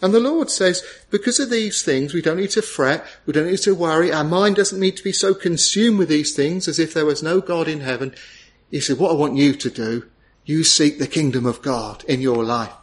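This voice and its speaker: A man's voice: on the high side, normal speed. A male preacher delivering an earnest, tender sermon full of rhetorical questions.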